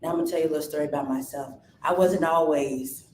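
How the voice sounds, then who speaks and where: A lower-voiced woman gives a live inspirational talk on stage, urging the crowd to answer back. She sounds energetic and coaxing. Her voice carries through an echoey room, with a faint hum underneath. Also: a little fast. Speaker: motivational speaker. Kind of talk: live inspirational talk with audience call-and-response. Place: event hall with audience.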